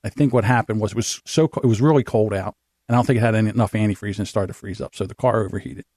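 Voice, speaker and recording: A man's voice: fairly low pitch, very fast, no room sound, studio quality. A middle-aged man co-hosting a podcast, telling rambling, profane stories in casual chat. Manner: animated storyteller, swears freely. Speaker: podcast co-host.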